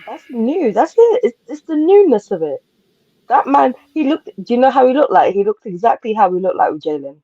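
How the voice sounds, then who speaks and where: A woman co-hosting a podcast in casual chat, emphatic and quick to repeat her point. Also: a little high, very animated, dark tone, slightly rough, no echo, lo-fi sound. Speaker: podcast co-host.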